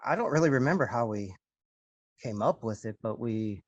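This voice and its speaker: A man from a rock band answering in an interview, soft-spoken and trailing off at the ends of his sentences. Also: mid-range voice, animated, normal speed, no echo, lo-fi sound. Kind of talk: casual interview chat.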